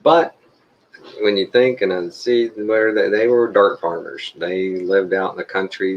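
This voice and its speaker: A man's voice: deep voice, muffled recording. A middle-aged Texan man talking to his viewers in a folksy, rambling way, chuckling often. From Texas. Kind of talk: casual monologue to viewers.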